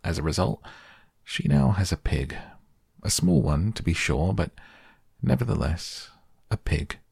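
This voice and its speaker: A man's voice: low voice, sing-song, unhurried, gravelly, a little mellow, slightly rough, dry recording, clean studio sound, exaggerated voice. A man doing a wry teasing farmer father.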